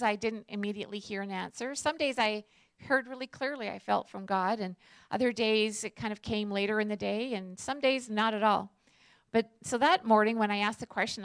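A woman's voice: medium pitch, no echo. A woman, a prison chaplain telling a faith story in a conversational way, full of fillers and asides.

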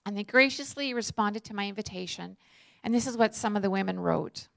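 A woman's voice: medium pitch, fairly quick, creaky, no room sound. A woman, a prison chaplain telling a faith story in a conversational way, full of fillers and asides.

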